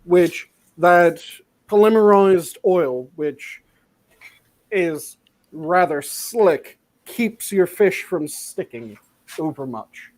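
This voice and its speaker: A man hosting a casual cooking chat over a video call, explaining techniques in a relaxed, profane way. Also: sits high, drawn-out words.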